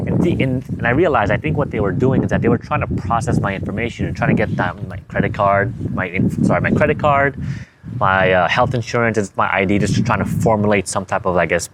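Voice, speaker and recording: A young man, a physical therapist, casually telling a personal story, rambling and correcting himself as he quotes himself and others. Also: fairly low pitch. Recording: noticeable background noise.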